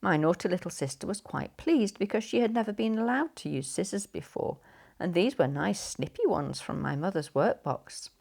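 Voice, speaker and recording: A woman reading a children's story aloud, expressive and playful, drawing out the sound words. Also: on the low side, moderate pace, gravelly.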